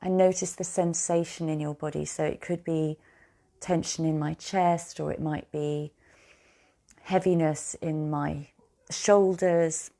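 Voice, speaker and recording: A woman coaching a guided tapping session, speaking slow, repetitive affirmations for the listener to repeat back. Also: low-pitched, fairly even intonation, warm tone. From United Kingdom.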